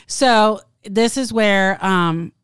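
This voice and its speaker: Woman co-host, casual and talkative, smooth clear tone, dry close mic. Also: medium pitch, extremely slow, no room sound. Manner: chatty, swears freely, runs on with fillers. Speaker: podcast co-host. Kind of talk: casual chat.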